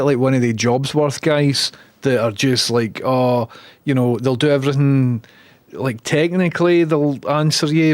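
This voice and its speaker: A man's voice: mid-range voice, no echo. A man with a Glaswegian accent streaming casually, swearing and muttering as he fixes his tech. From Scotland. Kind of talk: casual live-stream chat.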